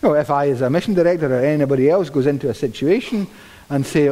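A male preacher giving a sermon in a lively, conversational way, with dry humour and repeated words, in a church hall. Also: fairly high pitch, quick pace.

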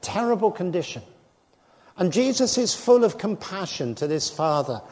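A man's voice: high voice, big pitch swings, moderate pace, a little mellow. An older man preaching a sermon earnestly, acting out the voices in the stories he tells. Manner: earnest, acts out quoted dialogue. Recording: reverberant hall.

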